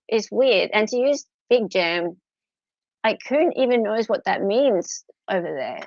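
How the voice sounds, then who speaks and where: A woman's voice: mid-range voice, animated, slow pace, no room sound. An Australian woman hosting a live stream, chatting casually and animatedly, laughing often. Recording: dull, dry, slightly lo-fi.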